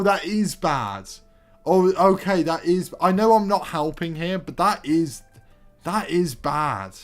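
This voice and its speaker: A young man commentating his own game on a livestream, exasperated and laughing nervously as he talks to himself. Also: medium pitch. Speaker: streamer. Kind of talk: live gameplay commentary.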